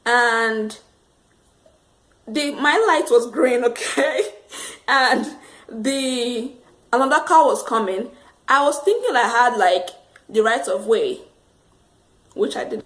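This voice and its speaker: A woman telling a casual storytime monologue to camera, rambling and animated, laughing often. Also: on the high side. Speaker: vlogger.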